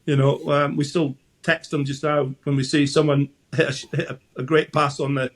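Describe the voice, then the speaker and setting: Brief: Scottish man in his sixties, interview guest spinning chatty stories, restarts often, slightly high voice. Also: level tone, moderate pace. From Scotland. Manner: chatty anecdotal storyteller, frequent restarts. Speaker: guest, former goalkeeper. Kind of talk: casual interview chat.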